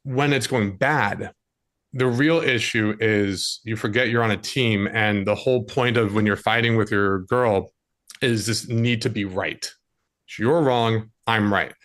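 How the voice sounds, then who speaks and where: A man's voice: lowish voice, a little slow, a bit bright. A man who works as a dating coach, giving direct relationship advice as a podcast guest in a casual conversation. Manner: direct, coaching, acts out scenes with quoted voices.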